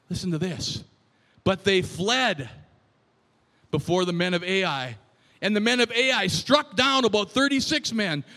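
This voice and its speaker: A man preaching a sermon and reading scripture, swinging between shouted passages and hushed, quiet ones. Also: sits high, in a large hall.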